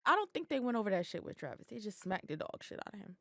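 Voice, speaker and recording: A woman in casual podcast chat, blunt and animated, cursing freely. Her voice sits at an ordinary middle pitch. The recording is close and dry. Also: fast talker, no room sound. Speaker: podcast co-host.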